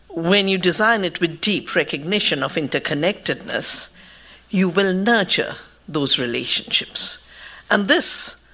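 A woman speaking in a measured, deliberate, emphatic way, giving a reflective talk about her scientific views. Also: on the low side, pushed and bright.

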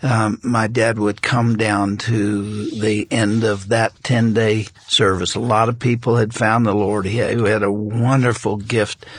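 Slow, husky low-voiced male host. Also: level tone, no room sound. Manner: slow, measured, reflective. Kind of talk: interview.

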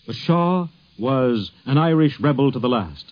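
A man's voice: medium pitch, animated. Brief: male narrator, formal scripted documentary voice, dull lo-fi sound. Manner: measured, formal delivery. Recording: dull lo-fi recording.

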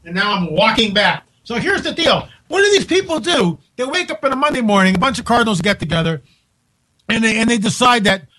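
A man hosting a live radio show, talking casually in an animated, joking way, with frequent restarts. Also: high-pitched, quick pace, poor audio. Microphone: studio microphone on a live radio broadcast.

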